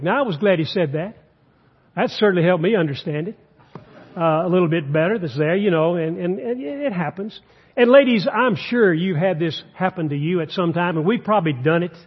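A man's voice: high voice, breathy edge, in a large hall, lo-fi sound. A man, a guest preacher giving a folksy, conversational sermon with humor in a church. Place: church sanctuary.

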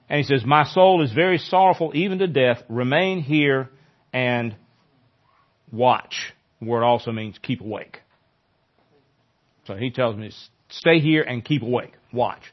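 A male pastor preaching a sermon in a conversational way, growing animated when he quotes scripture. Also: mid-range voice, dull audio.

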